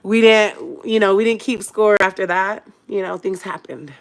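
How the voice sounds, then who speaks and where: In a casual vlog, a woman recounts a personal story with lots of slang and side comments, laughing often and shifting between quiet and loud. She speaks at normal speed in a medium-pitched voice.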